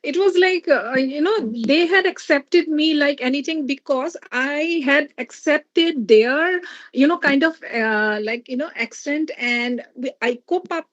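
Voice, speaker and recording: A woman academic from Northeast India with a Northeast Indian English accent, animated and chatty, full of "you know". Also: high-pitched, unhurried, no room sound, dull audio. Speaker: university academic.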